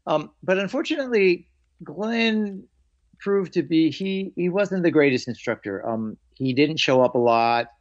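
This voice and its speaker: A man who teaches martial arts, telling stories of his training in an animated way and acting out the lines of others. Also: on the high side, a little slow. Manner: animated, acts out quoted lines. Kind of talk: storytelling in a conversation. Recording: dull lo-fi audio.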